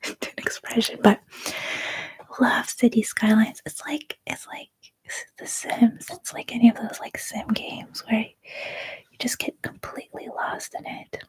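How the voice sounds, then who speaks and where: A Canadian woman in her thirties, whispering a soft-spoken, rambling ASMR livestream chat. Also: on the high side, slightly rough. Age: 30s. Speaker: ASMR streamer.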